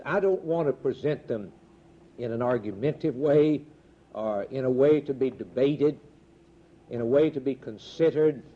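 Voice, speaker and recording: A man preaching a sermon in a slow, measured way, with emphatic rises on key words. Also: medium pitch. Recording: dull lo-fi recording.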